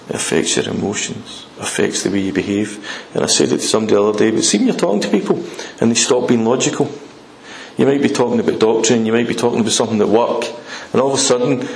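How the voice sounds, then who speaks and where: A man preaching a sermon in an emphatic way, repeating his points and swinging between loud and hushed delivery. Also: medium pitch, gravelly, echoey room, slight background noise, rough recording.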